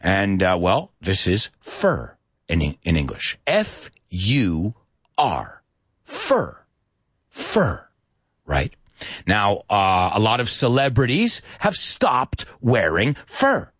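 A man teaching English pronunciation, switching between English and Spanish and repeating words slowly. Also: lowish voice, wildly swooping pitch, a bit bright, husky, dry recording, clean studio sound. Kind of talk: bilingual pronunciation lesson.

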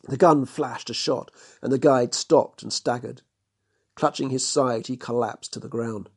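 A man narrating a storybook chapter in a steady, measured reading. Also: mid-range voice, husky.

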